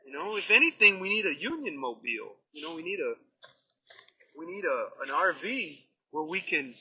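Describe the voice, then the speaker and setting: Man, steward type, campaign rant, high lively pitch, dull lo-fi sound. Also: slightly rough. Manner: fired-up, blunt, slangy. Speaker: union steward running for local president. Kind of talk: ranting campaign talk.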